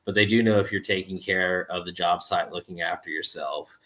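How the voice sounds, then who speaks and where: A man's voice: low-pitched, fairly even intonation, moderate pace, a bit bright. A man in casual podcast chat, plainly explaining how contractors should run their jobs. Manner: matter-of-fact, explains business practice plainly.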